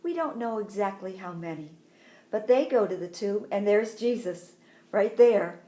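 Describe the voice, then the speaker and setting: A woman teaching a Sunday school lesson for children, telling a Bible story slowly and expressively. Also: mid-range voice, animated, warm tone, roomy sound.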